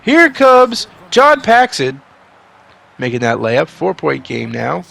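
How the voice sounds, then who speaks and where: A man doing play-by-play for a basketball video game simulation, swinging from calm asides to excited outbursts, a bit sick. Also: a little high, slow pace, gravelly. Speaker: video game sim commentator. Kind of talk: play-by-play commentary.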